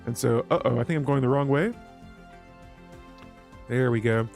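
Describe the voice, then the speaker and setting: A man's voice: mid-range voice, moderate pace, creaky, a little mellow, faint music behind. A man hosting a strategy game let's play, chatting casually with his viewers as he clicks through menus. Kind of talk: gameplay commentary.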